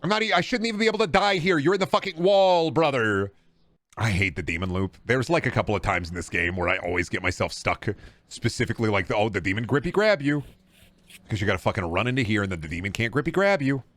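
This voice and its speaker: A man's voice: medium pitch, animated, fast talker, a bit bright, no echo. A man streaming a game, rambling and joking with chat and swearing freely. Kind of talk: casual live gameplay commentary.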